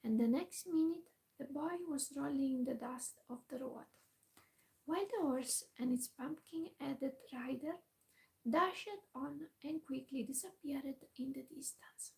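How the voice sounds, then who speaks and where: A woman in a whispered role-play, reading a classic storybook aloud softly with quiet asides. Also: sits high, measured pace, creaky, rough recording.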